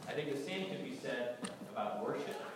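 A man from New England with a New England accent and a cold, preaching a sermon in a conversational, gently humorous way and sometimes repeating his words. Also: medium pitch, lively intonation, brisk. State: has a cold. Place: large church hall. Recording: echoey hall from far off, audible noise.

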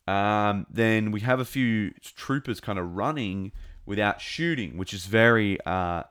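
A man's voice: lowish voice, unhurried, fairly bright tone, smooth, dry recording. A man with an accent close to New Zealand, hosting a podcast of casual fan commentary, rambling and enthusiastic with many fillers and restarts. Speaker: podcast host.

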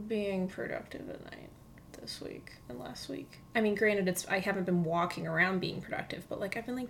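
Chatty woman host at home on a mic, bubbly, says like a lot, slips into whispers, faint low rumble behind. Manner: chatty and excitable, lots of "like", often drops to a near whisper. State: recovering from illness, walking with a limp. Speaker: podcast host. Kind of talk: casual solo podcast chat. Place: home, seated in a comfy chair. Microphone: studio microphone.

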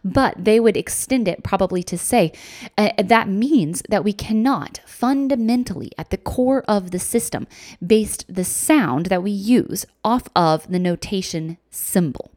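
A woman talks through music teaching ideas on a podcast in a methodical lecture style. She lays out each point clearly and steps through examples at a mid pitch. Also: lively intonation, measured pace, a little mellow. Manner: clear, methodical, explains step by step. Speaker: music education podcast host.

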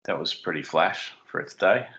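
Deep, bright-toned man chatting casually. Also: normal speed, lo-fi sound. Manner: rambling, giggly, self-deprecating. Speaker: podcast co-host. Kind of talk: casual podcast chat. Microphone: desk mic on a stand.

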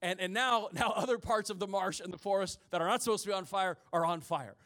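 Here a rural Midwestern pastor in his forties speaks fast in a high, fairly bright voice. He's delivering a sermon before his church congregation, weaving in stories and funny asides.

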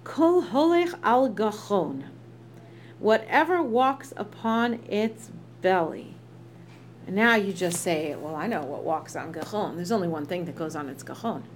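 A woman's voice: medium pitch, animated, unhurried, slight background noise. A woman teaching a text study in a chatty way, reading verses aloud and translating them with asides. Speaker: Torah teacher.

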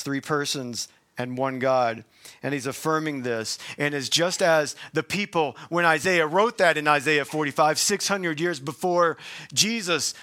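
A man preaching a sermon, emphatic, slowing to stress key phrases, with casual asides and self-corrections. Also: a little high, fairly bright tone. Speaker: pastor.

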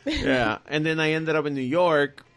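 Brief: profane storyteller, man, slightly high voice, rambling casual delivery. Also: normal speed, a bit bright, soft background music. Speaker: podcast guest telling stories.

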